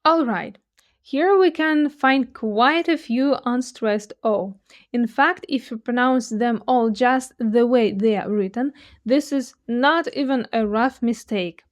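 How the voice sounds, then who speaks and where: A Russian teacher with a slightly high voice leads an unhurried language lesson with shadowing drills. She explains each pronunciation point clearly and models example phrases slowly, articulating carefully.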